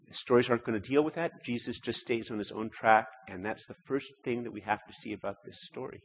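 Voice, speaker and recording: This church sermon comes from a man with a medium-pitched, slightly rough voice who talks fast with few pauses. His conversational preaching often repeats words and climbs into emphatic stretches, all captured with a long hall reverb.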